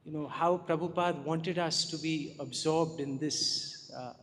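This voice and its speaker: A man's voice: fairly high pitch, fairly even intonation, measured pace. Effusive man giving thanks in a hall. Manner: warmly effusive, laughing between phrases. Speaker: devotee thanking the speaker. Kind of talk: gracious thanks. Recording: long hall reverb.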